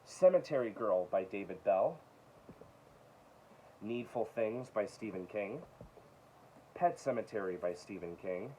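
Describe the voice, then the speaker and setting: A man casually showing his book collection, reading titles aloud with quick offhand asides. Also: on the low side, animated, warm tone, slight background noise, low-quality recording. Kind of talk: casual show-and-tell of books.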